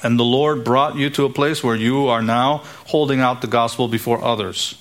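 A man's voice: medium pitch, steady tone, moderate pace. A man with a mid-range voice preaches a sermon as a pastor. He works through scripture verse by verse. When he quotes a passage, his voice climbs and grows emphatic.

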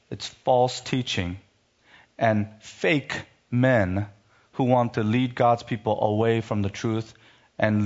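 A man preaching a sermon, reading scripture and rising sharply in pitch when he rebukes, then dropping low for emphasis. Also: a little mellow, lo-fi sound.

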